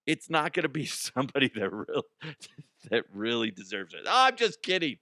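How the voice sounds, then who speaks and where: A man's voice: medium pitch, lively intonation, normal speed, sharp tone, no room sound, clean studio sound. A man hosting a comedy news show, rambling and profane, often dropping into silly put-on voices.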